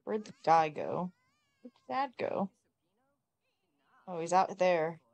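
Exasperated woman with a lively pitch. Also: takes it slowly, vocal fry, highs cut off. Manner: exasperated, swears often, talks to the characters. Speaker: gamer. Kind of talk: casual gameplay commentary.

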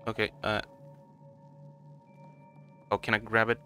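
Man, let's play commentary, rambling, self-mocking, crisp bright tone. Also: lowish voice, monotone, slow pace, soft background music. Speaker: gaming channel host.

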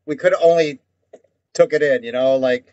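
A man's voice: on the high side, moderate pace, a little mellow, clear, resonant tone, no room sound. A man telling stories in casual profane chat as podcast co-host, rambling and acting out voices. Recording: dull lo-fi dry sound.

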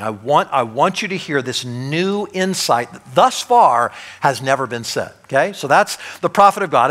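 A man with a fairly high voice preaches a sermon in a church. He keeps a conversational tone, pausing often to check that his listeners follow. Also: a bit bright. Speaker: pastor.

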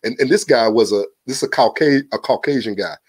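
A man's voice: mid-range voice, fast talker. A man, a podcast guest, telling a personal story in a casual, earnest way, often repeating words as he starts a thought. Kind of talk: casual testimony.

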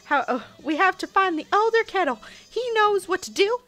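A woman's voice: very high-pitched, animated, a little fast, fairly bright tone, soft background music, pitched above the performer's own voice. A woman voicing a frightened young cartoon cup boy with a Southern US accent, panting and urgent.

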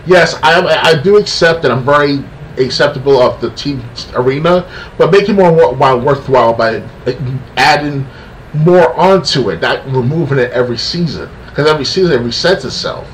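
A man's voice: medium pitch, expressive, normal speed. Frustrated rambling man on a distant mic. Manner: frustrated, rambling with many restarts. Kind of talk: casual podcast rant. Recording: distant mic with faint background noise.

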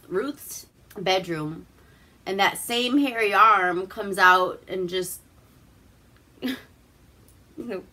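A slow, unhurried woman from Alaska recaps an old film in loose, profane asides. Her voice sits low yet sounds bright and forward. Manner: profane, rambling and laughing. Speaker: host. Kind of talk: casual movie recap.

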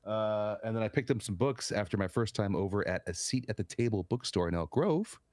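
A man's voice: on the low side, fairly quick, a little mellow, no echo, studio quality. A man on a podcast, co-hosting and telling stories casually, often repeating words as he starts a thought. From California, United States. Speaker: podcast co-host. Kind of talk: casual chat.

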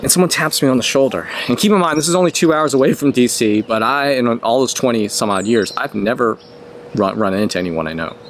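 This mid-range male voice belongs to a man in his fifties telling a personal story, animated and a little fast. He rambles casually, often restarting and correcting himself, over slight background noise.

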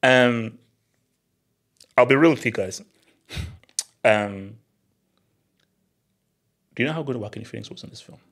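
Young guy vlogging about movies, husky voice, hyped and slangy, keeps repeating stuff. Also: mid-range voice, a little slow, long pauses. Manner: excitable and slangy, repeats himself, laughs often. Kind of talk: casual chat to camera.

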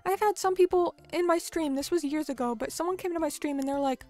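A woman's voice: sits high, fast talker, a little mellow, faint music behind. A young American woman streamer chatting casually with her viewers, talking loosely with lots of fillers as she reads and answers chat. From United States.

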